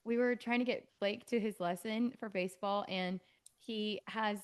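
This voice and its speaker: A woman's voice: mid-range voice, fairly even intonation, normal speed, clean tone. A woman in her thirties, co-hosting a podcast in a casual chat, telling stories with lots of fillers. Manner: chatty, storytelling with many fillers. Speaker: podcast co-host.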